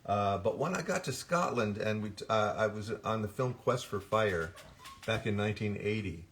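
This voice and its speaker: An older man with a lowish voice chats casually while signing autographs. He tells winding stories and keeps stopping to restart sentences, with a faint hiss of noise behind him. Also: animated, moderate pace, a bit bright. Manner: rambling anecdotes with frequent restarts and self-corrections. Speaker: voice actor guest at an autograph signing. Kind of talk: casual Q&A chat.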